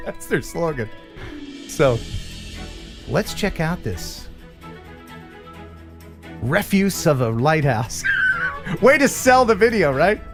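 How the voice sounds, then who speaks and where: Man from the central US, live-stream host, lively up-and-down voice, jokey, laughs a lot. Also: high-pitched, slow pace, long pauses, over music. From central United States. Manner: jokey, laughs often, ad-libs silly voices. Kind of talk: casual live-stream chat.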